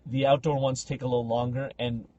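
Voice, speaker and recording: A man telling a story on a casual podcast, slangy and animated, acting out the people in it. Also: medium pitch, fairly quick, lo-fi sound. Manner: animated, acts out quoted speech with big loud jumps; slangy, says bro and like a lot.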